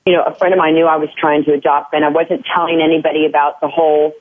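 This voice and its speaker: A woman guest speaks candidly in a relaxed conversation and keeps restarting her sentences. Her voice is low and husky. It comes through a thin, tinny phone line. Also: quick pace. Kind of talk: casual chat.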